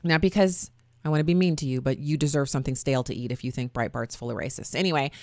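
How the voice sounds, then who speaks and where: A woman's voice: a bass voice, fast, a little mellow, no echo, clean studio sound. A middle-aged woman hosting a talk radio show, chatty and sarcastic with folksy asides. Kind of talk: opinionated talk radio monologue.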